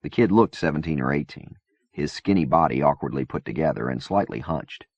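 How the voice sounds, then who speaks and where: A man reading a novel aloud in measured, even scripted narration. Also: a bass voice, slightly rough, no room sound. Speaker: audiobook reader. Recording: dull dry cassette-era recording.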